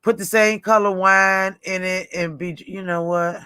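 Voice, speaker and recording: A woman's voice: mid-range voice, fairly even intonation, measured pace, pushed and bright, clean tone, no echo. A woman in her forties hosting a livestream in rambling, casual chat, often laughing. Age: 40s. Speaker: livestream host.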